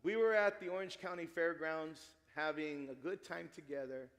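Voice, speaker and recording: Middle-aged pastor guy preaching, kinda high voice, big church echo, acts out the story. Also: moderate pace. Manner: animated storytelling, acts out dialogue. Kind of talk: sermon with personal story. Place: church sanctuary. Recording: long hall reverb.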